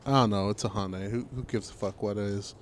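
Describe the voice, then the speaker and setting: A young man co-hosting a casual podcast, telling an animated, profane story about a stranger. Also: lowish voice, fast talker. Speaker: podcast co-host. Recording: faint background noise.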